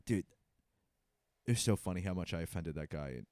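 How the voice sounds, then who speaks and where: A man, a stand-up comedian co-hosting a podcast, telling stories in casual, profane, animated chat. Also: sits low, brisk, no room sound, studio quality.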